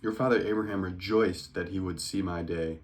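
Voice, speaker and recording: A man reading the words of Jesus aloud from scripture in a plain, earnest way, close to his own voice, sometimes quickening. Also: sits low, steady tone, natural voice. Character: Jesus, grown man, calm teacher.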